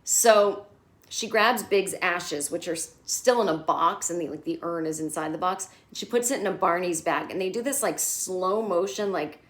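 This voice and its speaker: A woman's voice: lowish voice, moderate pace. A woman hosting a casual TV recap, candid and sarcastic, and swearing freely. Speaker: comedian host.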